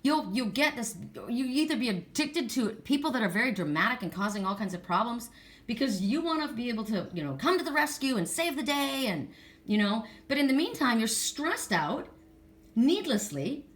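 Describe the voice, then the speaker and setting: A woman's voice: a little high, normal speed. Chatty woman doing an oracle card reading. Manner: chatty, animated storytelling with laughs. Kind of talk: casual tarot-style card reading.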